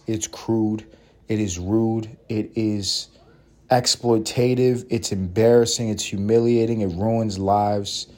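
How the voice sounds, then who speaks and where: Profane, ranting male podcast host. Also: mid-range voice. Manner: profane, animated and opinionated. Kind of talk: solo podcast rant.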